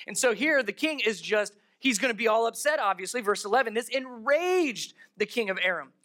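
A pastor delivers a sermon in a relaxed, chatty storytelling manner, stopping for asides and questions to the congregation. The voice is bright and forward, at a medium pitch. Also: brisk. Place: church service held in a darkened theater.

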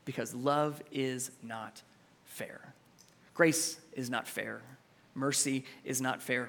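A male pastor preaching a sermon in an expressive way, acting out quotes, swinging between loud and hushed. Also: mid-range voice.

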